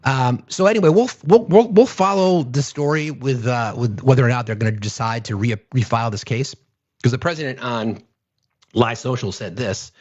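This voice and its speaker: A man's voice: mid-range voice, moderate pace, lo-fi sound. A man doing casual political commentary on a live stream, blunt and sarcastic, cursing freely.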